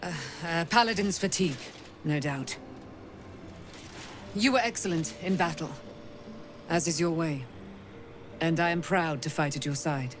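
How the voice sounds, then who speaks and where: A grand, proud paladin. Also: female voice, sits low, measured pace, long pauses, faint music behind. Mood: reflective. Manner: grand, declamatory, archaic phrasing. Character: proud, indomitable female paladin warrior.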